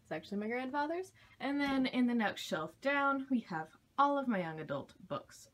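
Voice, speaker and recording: A woman's voice: medium pitch, fairly bright tone. A young woman vlogging casually, chatty and enthusiastic as she talks through her bookshelves, often trailing off and restarting.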